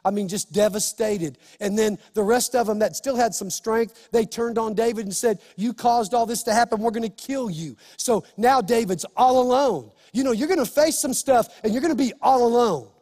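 A male pastor preaching an impassioned sermon, building to shouts. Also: very high voice, normal speed, hardly any pauses, long reverb tail.

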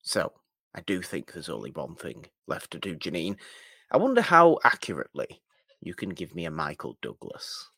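A man co-hosting a podcast, reading out links and plugs in a measured, slightly formal way. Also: sits low, wildly swooping pitch, vocal fry, sharp tone, slightly rough, no room sound, studio quality. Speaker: podcast co-host. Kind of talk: casual podcast outro with plugs.

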